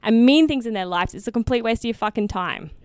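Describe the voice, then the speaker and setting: A woman talks quickly and forcefully, with a smooth, resonant voice. She swears freely as she makes her points in casual podcast chat. The sound is dry and close. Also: a little high, no room sound. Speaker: podcast co-host.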